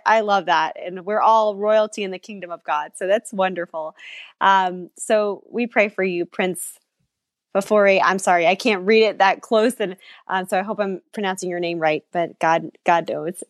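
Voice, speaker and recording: A woman co-hosting a live stream, praying for viewers and encouraging them in a gentle way. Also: medium pitch, no room sound, clean studio sound. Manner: gentle, encouraging, soft affirmations.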